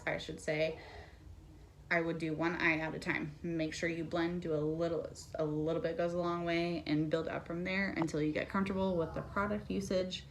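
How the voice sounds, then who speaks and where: A woman's voice: fairly low pitch, a little hiss or hum. A young woman at home chatting candidly through a casual makeup tutorial. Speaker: beauty vlogger.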